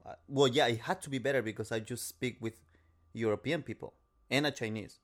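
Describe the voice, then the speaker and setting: A man's voice: medium pitch, a bit bright. Man with a Mexican Spanish accent. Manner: halting, with repeated restarts. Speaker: podcast co-host. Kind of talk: casual chat.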